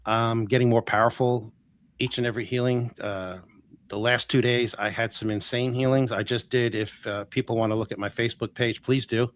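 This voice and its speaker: A man in his sixties, a healer guest telling stories in a casual, animated way, chuckling often and acting out what people said. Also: mid-range voice, normal speed. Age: 60s. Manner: animated, chuckles often, acts out quoted dialogue. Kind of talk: casual storytelling.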